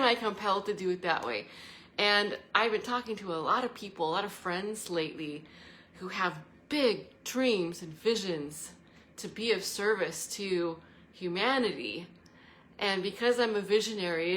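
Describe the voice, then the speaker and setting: A woman with a fairly low voice talks to her viewers in an earnest, wandering monologue. She is sitting indoors in a living room by the fireplace. A faint hum of room noise sits behind her. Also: a bit bright. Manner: meandering, earnest, breaks into laughter. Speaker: travel and spirituality vlogger. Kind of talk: casual reflective monologue.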